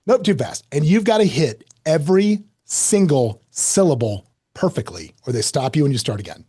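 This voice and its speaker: Animated, lively male storyteller. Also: fairly high pitch, moderate pace, husky. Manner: lively, self-mocking, acts out quotes. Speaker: podcast guest, author.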